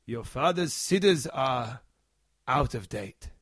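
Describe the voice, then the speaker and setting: A man voicing a very old, frail orthodox man who shouts in a strained high voice. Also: lively intonation, slow, no echo, studio quality. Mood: stern.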